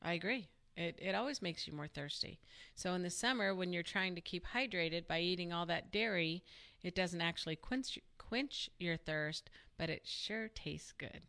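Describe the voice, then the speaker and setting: Woman, radio co-host, upbeat, low, smooth voice. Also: moderate pace, a bit bright. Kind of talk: casual radio chat.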